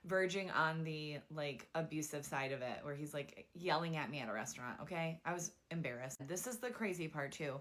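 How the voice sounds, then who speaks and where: Young woman, lower register, chatty storyteller, filler-heavy and animated. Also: a little fast, few pauses. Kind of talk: casual storytime.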